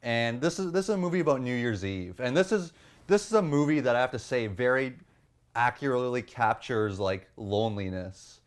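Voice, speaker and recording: A man's voice: medium pitch, animated, fairly quick, clear, resonant tone. A man co-hosting a casual movie review chat, teasing his partner and recommending films with enthusiasm.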